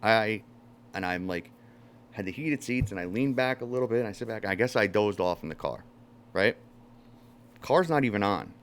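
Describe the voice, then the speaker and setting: A podcast host with a fairly low voice tells a story in casual chat at a moderate pace, leaving long pauses, with a little hiss or hum in the background. Animated, he swears often and loudly acts out what people said.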